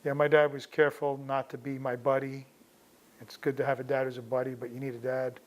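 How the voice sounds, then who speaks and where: A man's voice: mid-range voice, flat delivery, fairly quick. A middle-aged man recalling his father in casual, anecdotal storytelling, often restarting his sentences. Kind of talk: personal storytelling.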